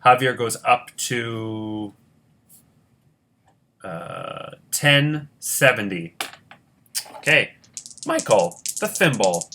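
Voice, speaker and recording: Bright-voiced man calling a board game. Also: mid-range voice, sing-song. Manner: chatty, counts squares aloud, checks his sums, quick asides. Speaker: host running a Monopoly-style competition. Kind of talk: casual play-by-play of a board game.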